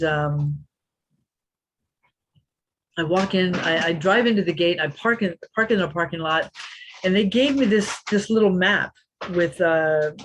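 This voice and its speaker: Woman telling a lively story. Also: sits low, a little hiss or hum. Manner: lively anecdote teller who acts out quotes. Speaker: interview guest. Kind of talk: storytelling in a podcast interview.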